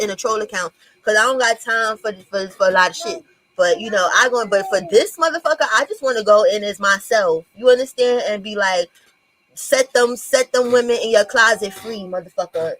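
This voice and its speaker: A woman's voice: on the high side, no echo. Chatty profane woman livestreaming from home. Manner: profane, chatty, addresses viewers as y'all. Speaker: livestream host. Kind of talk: casual commentary livestream. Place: at home with her young child nearby.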